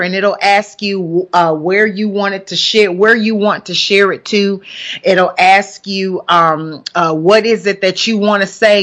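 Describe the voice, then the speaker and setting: A woman in her forties from Alabama with a Southern country accent, hosting a live broadcast in a chatty, upbeat way. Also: medium pitch. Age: 40s. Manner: chatty, warm greetings to listeners, upbeat. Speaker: host and pastor. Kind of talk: casual live broadcast chat.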